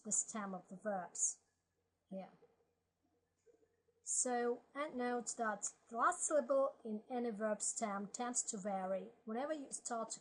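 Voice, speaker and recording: A woman teaching a language lesson, slowly reading word lists aloud and explaining grammar step by step. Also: on the high side, slight background noise, poor audio. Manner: slow, methodical, reads word lists aloud.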